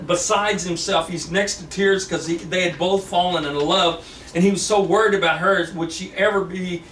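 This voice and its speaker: A man's voice: high-pitched, a bit bright. A man telling a long story in a rambling way, with many repeats and restarts. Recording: echoey room, distant mic, faint hiss.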